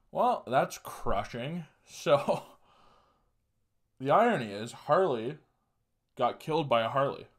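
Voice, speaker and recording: Profane rambling young man telling stories. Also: mid-range voice. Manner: profane, rambling, laughs through sad stories. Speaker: podcast host. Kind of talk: casual storytelling monologue.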